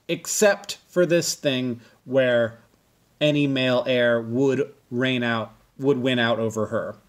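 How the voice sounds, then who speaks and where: A man in his thirties hosting a casual explainer video, talking in a rambling, self-correcting way with sudden emphatic jumps in pitch. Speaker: video host.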